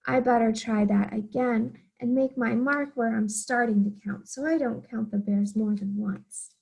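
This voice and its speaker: A woman's voice: a little high, steady tone, moderate pace, creaky, darkish tone, breathy edge. A young woman teaching a math lesson to small children, counting aloud in an encouraging, sing-song way.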